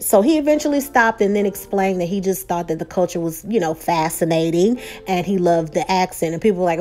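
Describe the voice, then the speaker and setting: A woman's voice: mid-range voice, quick pace, few pauses. Chatty woman recapping a show. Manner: chatty and animated, frequent "you know" and restarts. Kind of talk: casual recap commentary.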